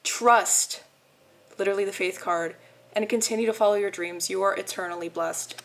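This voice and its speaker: A woman's voice: medium pitch, steady tone, moderate pace. A young woman giving a pick-a-card tarot reading, talking to viewers in an emotional, heartfelt way. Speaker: tarot reader.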